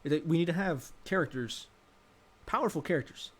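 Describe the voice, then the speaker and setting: A man's voice: on the high side, animated, moderate pace. A young adult man giving casual, rambling commentary, thinking aloud and correcting himself as he goes. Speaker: vlogger.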